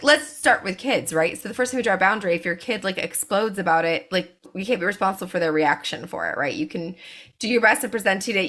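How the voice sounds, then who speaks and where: A woman hosting a podcast in easy, casual conversation. Her voice is bright and clear, and her pitch moves a lot as she talks. She sounds thoughtful and affirming, and often checks in with her guest. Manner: thoughtful, affirming, with frequent "right?" tags. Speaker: podcast host.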